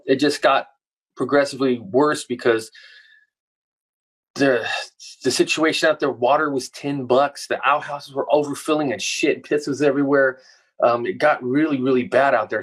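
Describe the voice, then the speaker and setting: Husky man calmly reminiscing. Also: mid-range voice. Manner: relaxed, reminiscing. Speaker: musician guest. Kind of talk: casual interview chat.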